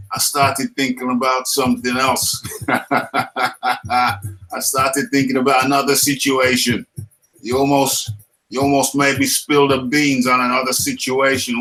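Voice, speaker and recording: A man's voice: medium pitch, bright, forceful tone, low-quality recording. A man with a British accent hosting a casual live stream, playful and laughing often, repeating his lines as he reads the chat.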